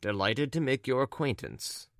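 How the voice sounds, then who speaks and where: A man's voice: mid-range voice, expressive, moderate pace, no echo, studio quality, natural voice. A man voicing a bashful, polite young man who sounds a little intimidated.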